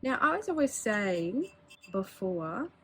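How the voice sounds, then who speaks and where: A woman's voice: medium pitch, very animated, slow pace, a little hiss or hum. A woman, chatting casually and candidly as she shows her pens, with filler words and small laughs. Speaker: pen hobby vlogger. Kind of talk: casual show-and-tell.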